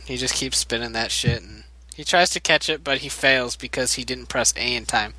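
Bright-voiced man in a joking recap. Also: mid-range voice, moderate pace, a little hiss or hum, poor audio. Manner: rambling, joking, profane. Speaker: show recap host. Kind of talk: casual comedic recap chat.

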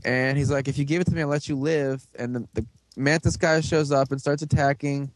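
A young man hosting a casual chat, rambling through a recap with lots of fillers and quick put-on voices for the characters. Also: mid-range voice, fairly even intonation. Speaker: podcast host recapping a show.

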